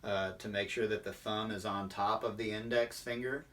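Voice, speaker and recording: A man's voice: lowish voice, steady tone, moderate pace, a bit bright, far from the mic. A man, a percussion instructor, explaining drum technique in an online lesson with many fillers.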